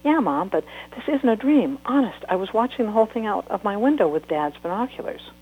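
A woman reading a book aloud, voicing an eager ten-year-old girl who shouts her lines. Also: mid-range voice, very animated, moderate pace, narrow, tinny audio, pitched above the performer's own voice. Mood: excited.

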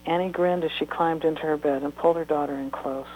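A woman author reading a chapter of her book aloud in steady, unhurried narration. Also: low voice, highs cut off, a little hiss or hum.

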